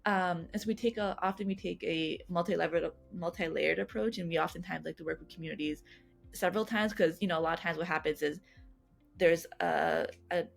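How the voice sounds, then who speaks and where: A woman guest answering interview questions in an earnest, fast way, restarting and repeating words often. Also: fairly low pitch, vocal fry, faint music behind. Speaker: guest, youth engagement coordinator at a health nonprofit.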